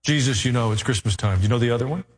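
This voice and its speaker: A man's voice: mid-range voice, rapid-fire, big-room sound. A man preaching a sermon, earnest and building in intensity, with dry joking asides.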